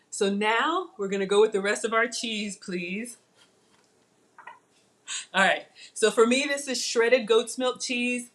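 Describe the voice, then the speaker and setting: A woman's voice: medium pitch, fairly bright tone. A woman hosting a live cooking demo, chatting to her viewers while she cooks in a playful, self-teasing way. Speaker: cooking livestream host.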